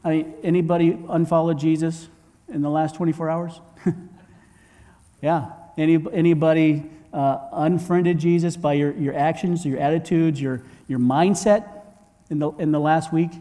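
A pastor with a slightly high, dark voice preaches conversationally in a large hall. He poses rhetorical questions to the congregation and often repeats words as he restarts.

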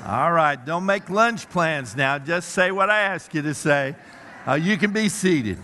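A man's voice: on the high side, expressive, pushed and bright, a little hiss or hum. Male pastor preaching in a reverberant hall. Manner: emphatic, slows down to stress key words. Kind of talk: sermon. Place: church worship center.

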